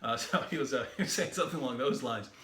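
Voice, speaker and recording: A man who is a Christian debater, telling a story in a lively, animated way. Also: medium pitch, quick pace. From the West. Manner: lively and animated, acts out quoted voices. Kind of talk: storytelling talk. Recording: roomy echoey room.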